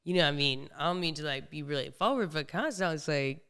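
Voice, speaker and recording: A young woman tells a story on a podcast in a casual, animated way. Her voice is bright and smooth. She slips into the voices of the people she quotes. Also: deep voice, fast talker. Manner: animated, acts out quoted voices, laughs often. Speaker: podcast host.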